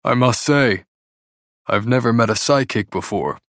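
A man's voice: medium pitch, fairly bright tone, no room sound, studio quality, lightly acted. A man doing a thoughtful, curious king. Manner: measured, thoughtful and formal.

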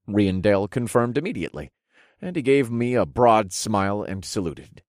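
A man narrating a fantasy audiobook in first person, with relaxed, wry storytelling. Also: fairly low pitch, normal speed, no room sound, studio quality.

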